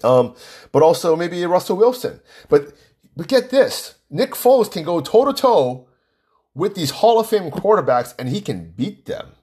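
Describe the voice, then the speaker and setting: Man, podcast host, emphatic, repetitive, rambling, slightly high voice. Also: big pitch swings, measured pace, a little mellow, slightly rough. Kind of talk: solo sports podcast rant.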